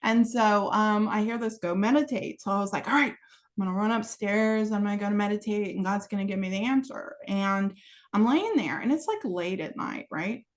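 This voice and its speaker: Lively woman telling a personal story. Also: mid-range voice, moderate pace. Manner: animated, acts out dialogue with many "you know" asides; frequent laughter while telling. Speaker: podcast guest.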